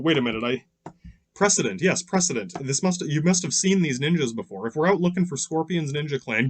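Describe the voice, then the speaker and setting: A man's voice: medium pitch, a little hiss or hum. A man hosting a podcast, delivering a rambling, profane monologue that keeps breaking off into "yeah" and restarts. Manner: profane, restless, self-interrupting with frequent "yeah" fillers. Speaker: podcast host.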